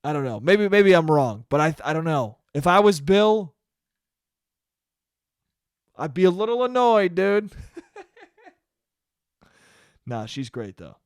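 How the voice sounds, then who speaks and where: High-voiced male podcast host, rambling and profane, dry close recording. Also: big pitch swings, takes it slowly, long pauses, clean tone, dry recording. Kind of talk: casual comic monologue.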